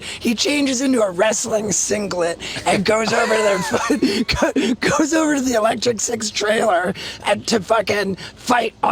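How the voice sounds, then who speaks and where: Podcast host, man in his 50s, high gravelly voice, swears and laughs through his stories. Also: expressive, normal speed, few pauses, background noise. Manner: profane, laughing, rambling. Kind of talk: casual storytelling.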